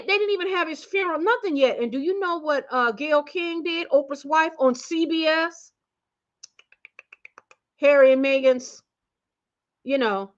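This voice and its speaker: A woman hosting a casual opinion commentary, talking in slang, meandering through fillers and restarts and swinging between loud outbursts and muttered asides. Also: high voice, dull audio. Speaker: commentary channel host.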